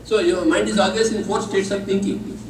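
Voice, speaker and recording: Indian man, spiritual teacher, high voice, emphatic and teasing, repeats his points, heard from afar in a big hall. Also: steady tone, a little fast, a little hiss or hum. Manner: emphatic and repetitive, teasing, leads call-and-response. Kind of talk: spiritual talk to a live audience. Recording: echoey hall, voice from a distance.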